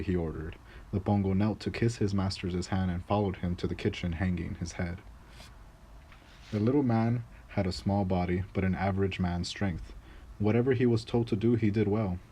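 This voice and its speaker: A man narrating a folk tale in a measured, grave reading voice, with a few small restarts. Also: deep voice, mellow, slightly rough, rough recording. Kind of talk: storybook narration.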